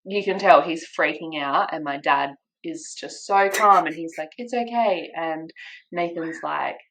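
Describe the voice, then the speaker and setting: A young woman with an Australian accent tells a personal story in a relaxed chat. Her voice sits a little low, and she slips into lively quoted voices. She laughs easily as she goes. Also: a little slow, slight background noise, low-quality recording. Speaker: podcast guest. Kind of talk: casual storytelling.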